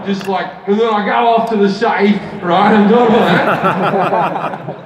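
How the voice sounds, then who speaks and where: A man's voice: takes it slowly, very noisy. A man with an Australian accent doing stand-up, telling a story full of swearing and jumping into big voices for the people in it. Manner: swearing, acts out characters in big pitch jumps. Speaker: stand-up comedian. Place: large arena stage. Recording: roomy arena with live crowd, mic heard from far. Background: audience laughter.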